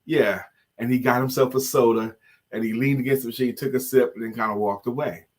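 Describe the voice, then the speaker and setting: Middle-aged guy cohosting a live show, playful and animated, average pitch. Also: a little fast. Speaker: co-host of a live online talk show. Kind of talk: casual chat.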